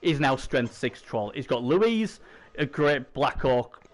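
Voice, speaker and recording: A man's voice: mid-range voice, very animated, takes it slowly. Rambling man chatting league. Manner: rambling, many restarts and fillers. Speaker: co-host. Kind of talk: casual gaming league chat.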